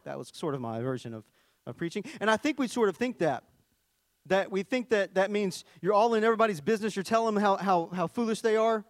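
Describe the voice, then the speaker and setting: A man delivers a sermon in a relaxed, explanatory way, breaking down the meaning of words with everyday examples. His voice sits high for a man. The recording is dry and close, with no room sound. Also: fast talker, dry recording. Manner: conversational teaching, frequent "see," and restarts. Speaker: preacher.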